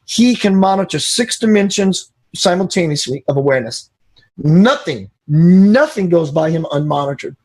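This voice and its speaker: A man being interviewed as a spiritual teacher, telling an animated story and acting out the dialogue. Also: high voice, normal speed, slightly rough.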